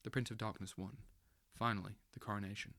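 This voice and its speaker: A man reading a literary novel aloud as an audiobook, slow and intense, with dramatic swells. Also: fairly low pitch, little pitch movement, bright, forceful tone, no room sound, clean studio sound. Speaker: audiobook reader.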